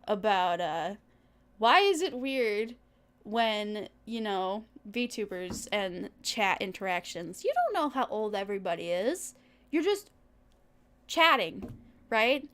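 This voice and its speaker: A young woman with a high voice streams as a VTuber, rambling casually to her viewers with exasperated asides and frequent laughs.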